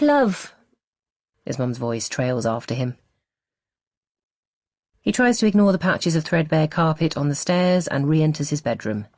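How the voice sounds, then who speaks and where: A woman narrating a mystery thriller audiobook with expressive storytelling. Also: very deep voice, no echo, studio quality. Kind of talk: scripted narration.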